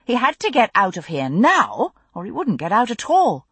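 Woman narrator for a novel: expressive storytelling, husky tone, dry studio sound. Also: on the high side, normal speed, dry recording. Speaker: audiobook narrator.

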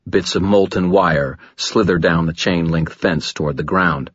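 A man narrating a first-person audiobook, gritty and dramatic, low and steady, close to the mic, in a dull, muffled recording. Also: unhurried, dry recording.

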